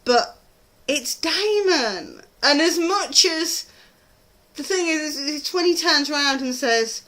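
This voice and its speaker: Bright-voiced British woman gushing about TV. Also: high voice, expressive, slow pace. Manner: gushing, rambling, frequent ums. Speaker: TV review vlogger. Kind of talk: casual chatty TV review.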